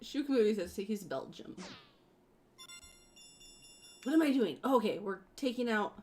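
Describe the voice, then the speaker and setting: A woman co-hosts a casual gameplay stream, laughing, teasing her co-host, and talking to herself while she plays. Her mid-range voice is animated and moderately paced. Game music plays behind her, adding slight background noise.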